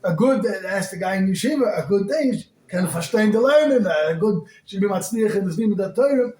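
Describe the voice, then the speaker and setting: Give me a man preaching a lively sermon in a reverberant synagogue hall. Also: sits high, brisk. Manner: animated, rising to shouts, heavy use of Hebrew and Yiddish terms. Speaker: rabbi. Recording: echoey hall.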